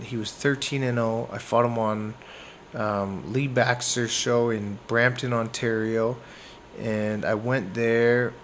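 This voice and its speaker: A man from Canada, a boxer, telling a fight story in a casual interview, animated and acting out moments with sound words. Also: medium pitch, a little hiss or hum. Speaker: boxer guest.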